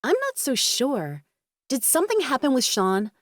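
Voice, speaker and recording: A woman voicing a caring young female friend who fusses and worries, in a brighter, higher voice than her narration. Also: huge pitch swings, normal speed, no room sound, clean studio sound. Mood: concerned.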